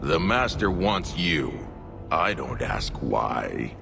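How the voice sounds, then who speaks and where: An actor playing a menacing male criminal boss in a video game, speaking with a cold, mocking calm. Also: very deep voice, slow, creaky, full character voice. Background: game music.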